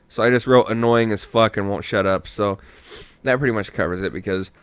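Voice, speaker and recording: A man's voice: lowish voice, moderate pace, clear, resonant tone, no echo. A tipsy man hosting a podcast, rambling through a movie recap in casual chat and swearing freely. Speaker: podcast host.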